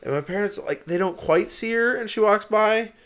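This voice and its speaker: A young man co-hosting a podcast, telling a story in casual chat, animated and profane, acting out what people said. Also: high-pitched, moderate pace. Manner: animated storyteller who acts out quotes, swears freely. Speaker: podcast co-host.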